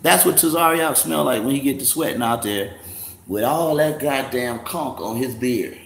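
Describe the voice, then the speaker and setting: This livestream host speaks in a mid-range voice with vocal fry, a slightly bright tone, and a moderate pace. He keeps things casual, swearing, mocking, and laughing a lot, in an echoey room with faint noise behind him.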